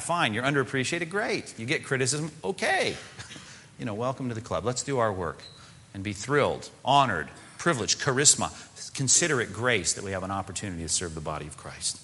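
A male pastor preaches in a relaxed, conversational way, with a bright, ringing tone and a pitch that swings up and down a lot. He throws in asides and rhetorical questions to the congregation. His voice carries a long reverb, as in a large sanctuary. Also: a little hiss or hum. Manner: mimics whining body parts in a high voice. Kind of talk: sermon.

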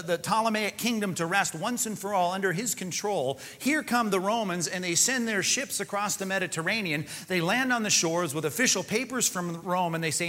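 A man preaching a sermon, telling the story with animated, conversational asides, recorded in an echoey large hall. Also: sits high.

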